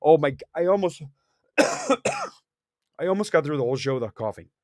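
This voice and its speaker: Animated, opinionated man hosting a movie show. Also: a little high, no room sound, studio quality. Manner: animated, opinionated, rapid asides to chat. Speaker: host. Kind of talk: casual live-stream film chat.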